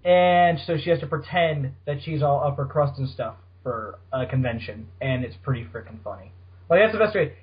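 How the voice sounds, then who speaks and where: Husky rambling male podcast host. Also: mid-range voice, lively intonation, normal speed. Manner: rambling, laughs often. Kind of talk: casual chat. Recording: dull lo-fi podcast audio.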